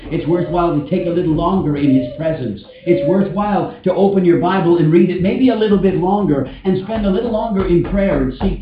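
A man preaching a sermon, earnest and emphatic, drawing out key words for weight. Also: fairly high pitch. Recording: echoey, distant, muffled church mic.

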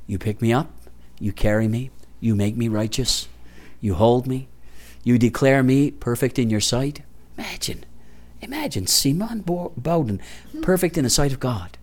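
A middle-aged male pastor preaching a conversational sermon, often dropping to a hushed voice for prayers. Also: medium pitch, expressive, moderate pace.

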